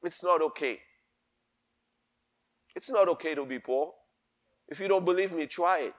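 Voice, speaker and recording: Pastor, male, high voice, preaches with fire and repetition. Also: normal speed, long pauses. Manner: impassioned, emphatic, repeats himself. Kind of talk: sermon.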